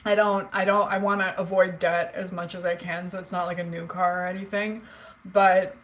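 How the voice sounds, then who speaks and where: A woman's voice: lowish voice, level tone, normal speed, a bit bright, a little hiss or hum, low-quality recording. Chatty woman rambling to her live chat. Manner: chatty, rambling, candid, swears casually. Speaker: livestream host chatting with viewers. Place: home, indoors.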